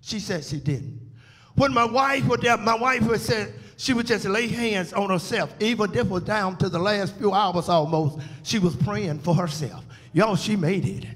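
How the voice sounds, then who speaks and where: A man with a high voice preaches a funeral eulogy as pastor. His delivery swells into loud call-outs to the congregation, then drops back to a softer register. A long hall reverb hangs on every phrase. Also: moderate pace. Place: church sanctuary.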